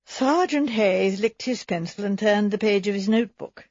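A woman reading a story aloud in measured, even narration. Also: medium pitch, dry recording. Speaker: audiobook reader. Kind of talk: scripted narration. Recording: slightly dull recording.

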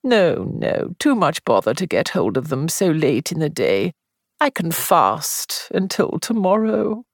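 A woman's voice: low-pitched, big pitch swings, measured pace, no echo, studio quality, pitched above the performer's own voice, full character voice. A woman reader voicing a frail, self-pitying older invalid with a thin, weak, melancholy voice. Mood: whining, melancholy.

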